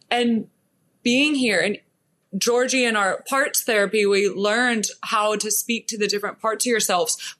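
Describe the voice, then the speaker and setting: A woman from Texas, a business and mindset coach, speaking as a podcast guest in a reflective, measured and gently reassuring way. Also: mid-range voice. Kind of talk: podcast interview.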